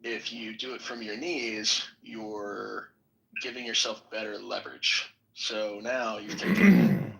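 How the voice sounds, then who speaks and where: A man's voice: on the low side, slow pace, vocal fry, fairly bright tone, low-quality recording. A man hosting a casual podcast, rambling with lots of fillers and poking fun at himself. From United States. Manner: rambling, self-deprecating, many fillers. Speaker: podcast host. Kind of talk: casual group chat.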